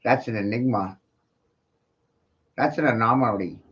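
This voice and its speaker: A man giving rambling, profane solo commentary, full of rhetorical questions. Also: on the low side. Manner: rhetorical, profane, keeps asking "right?"; slow, drawn-out delivery. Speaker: commentary streamer. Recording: dull lo-fi home recording.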